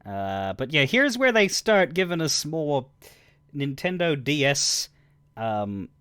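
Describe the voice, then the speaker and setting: Low-voiced woman streamer commentating. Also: takes it slowly, clean tone, dry recording, clean studio sound. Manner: relaxed, rambling asides with fillers. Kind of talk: live game playthrough commentary. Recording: game music playing behind.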